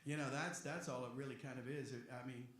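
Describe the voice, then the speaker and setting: A middle-aged man, a voice actor answering fan questions at a convention panel, joking and rambling with quick asides. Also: mid-range voice, fairly even intonation, a bit bright. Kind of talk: convention Q&A chat. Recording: echoey convention hall.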